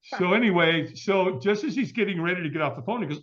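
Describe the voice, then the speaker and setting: A man's voice: high-pitched, lively intonation, fast, hardly any pauses, fairly bright tone. A middle-aged man telling a long story as an interview guest, acting out the voices of the people in it. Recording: dull lo-fi audio.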